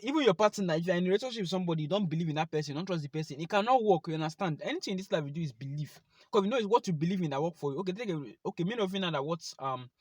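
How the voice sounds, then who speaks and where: Young Nigerian man, vlogger, quick animated testimony, close dry sound. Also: on the high side, dry recording. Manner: animated, talks straight to viewers. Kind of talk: personal testimony to camera.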